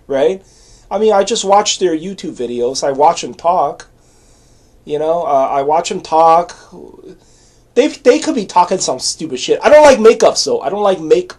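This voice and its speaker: Rambling man in his forties, higher voice. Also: a little mellow, husky. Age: 40s. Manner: rambling, repetitive and blunt. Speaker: channel host. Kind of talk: casual monologue to camera.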